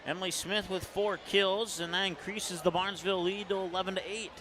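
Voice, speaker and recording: A man with an Upper Midwest American accent doing play-by-play commentary on a high school volleyball match in a gym, calling plays fast and shouting on big points. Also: fairly even intonation. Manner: rapid calls that rise to shouts on big plays. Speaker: play-by-play announcer. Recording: noisy gym broadcast.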